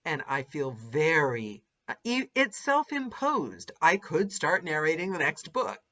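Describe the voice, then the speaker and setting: Lady narrator hosting a podcast, lively and laughy, kinda muffled call audio. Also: sits low, unhurried. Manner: animated, laughs often, lively mimicry. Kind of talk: casual interview chat. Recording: dull lo-fi audio.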